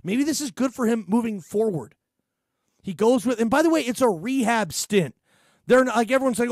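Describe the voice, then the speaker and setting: At a moderate pace and an extremely high pitch, a man hosts sports talk radio with no room sound. His animated monologue into the studio microphone rambles along with fillers and restarts.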